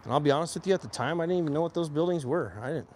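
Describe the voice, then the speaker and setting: A man's voice: on the high side, racing, a little hiss or hum. Plainspoken man in his forties. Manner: plainspoken, animated when quoting others. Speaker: army veteran telling his story. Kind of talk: casual storytelling.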